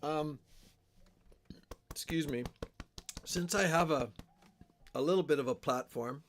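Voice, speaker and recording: A man's voice: fairly high pitch, takes it slowly, a little hiss or hum. Chatty older man from Alberta, livestreaming. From Alberta, Canada. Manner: rambling, chatty, reads out viewer comments. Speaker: livestream host. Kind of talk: casual livestream chat with viewers. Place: small town home.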